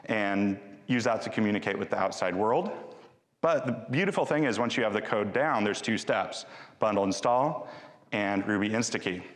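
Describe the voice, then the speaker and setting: Man, fairly low voice, chatty conference talk, jokey, restarts sentences, long reverb of a big hall. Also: a bit bright. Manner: chatty, joking, with frequent restarts. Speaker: conference speaker. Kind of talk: live tech conference talk with demo.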